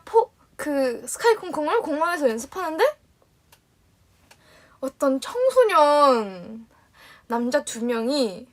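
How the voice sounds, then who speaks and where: A young woman chats to her fans on a livestream in a high, bright voice. She races through an anecdote, giggling, restarting and acting out what others said. It feels loose and unscripted. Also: racing, long pauses. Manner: animated and giggly, rambling with restarts; acts out other people's lines in quotes. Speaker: livestream host. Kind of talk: casual storytelling to fans.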